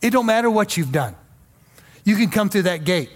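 A man's voice: sits high, lively intonation, moderate pace. A male pastor preaching a sermon in a folksy, emphatic way with joking asides.

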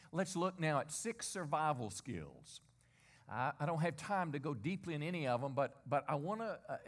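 Middle-aged male pastor preaching a sermon. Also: a little high. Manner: call-and-response preaching, asks the congregation to repeat lines; conversational with repeated rhetorical questions.

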